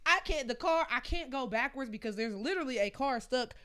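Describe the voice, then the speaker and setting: A woman podcast co-host telling a story in animated casual chat, often laughing. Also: sits high, a little fast, clear, resonant tone.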